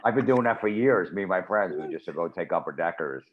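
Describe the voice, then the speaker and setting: Very deep-voiced man telling stories. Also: lively intonation, a little fast, slight background noise. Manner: rambling, anecdotal, dry. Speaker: guest comedian. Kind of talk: casual storytelling. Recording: dull lo-fi audio.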